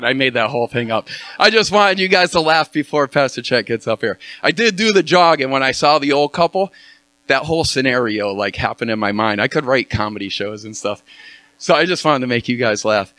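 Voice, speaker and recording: A man's voice: mid-range voice, lively intonation, brisk, pushed and bright, dry recording. A man giving a casual, joking sermon intro in church, telling a story with many fillers.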